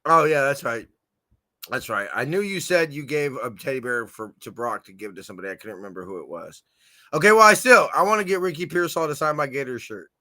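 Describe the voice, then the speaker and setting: A man hosting a fan podcast in a casual livestream chat, excitable and giggly with lots of slang, on a computer camera mic. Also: mid-range voice, fairly quick, dry recording.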